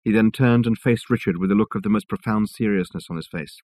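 Guy reading a novel aloud, husky lowish voice, measured and wry, dry close mic. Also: a little mellow, no echo. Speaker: audiobook narrator. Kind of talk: scripted narration of a novel.

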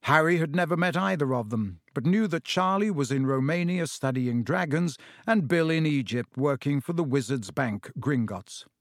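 A man narrating a fantasy audiobook in a measured, steady storytelling manner. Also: on the high side, no echo, clean studio sound.

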